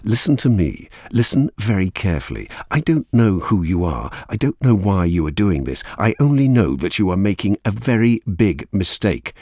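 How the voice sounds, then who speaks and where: A man with a husky voice voicing a tough, famous female judge who speaks firmly and threateningly in a storybook reading. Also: on the low side, very animated, moderate pace, few pauses, darkish tone, no room sound, clean studio sound, pitched above the performer's own voice. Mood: stern, threatening. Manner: commanding, threatening, firm. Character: stern famous female Crown Court judge.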